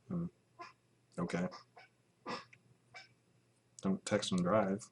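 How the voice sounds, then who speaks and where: A man's voice: on the low side, moderate pace, fairly bright tone. A man chatting casually on a livestream, answering questions from chat in a rambling, profane way and laughing often.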